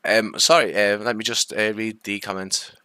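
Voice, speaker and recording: A man's voice: fairly low pitch, fairly even intonation, normal speed, pushed and bright, smooth, no room sound, clean studio sound. A man with a light Liverpool accent, hosting a casual live stream, rambling chattily with many fillers and greeting viewers. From Liverpool, England. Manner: friendly, greets viewers and answers comments.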